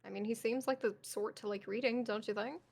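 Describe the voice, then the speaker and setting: Casting: a playful, teasing woman in a game roleplay stream, a bit high-pitched. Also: fairly even intonation, brisk, vocal fry, a little mellow. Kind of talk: casual game roleplay chat.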